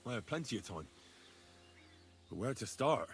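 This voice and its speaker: A man's voice: mid-range voice, very animated, normal speed, a little hiss or hum. A man voicing an earnest, polite young blacksmith's son turned knight in a video game. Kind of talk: game character dialogue.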